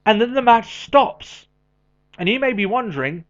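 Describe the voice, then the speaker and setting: A man with a somewhat high voice co-hosts a podcast in loose, casual chat. He talks in an animated way, drops in quick asides and laughs a lot. The audio is muffled and lo-fi. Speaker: podcast co-host. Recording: dull lo-fi audio.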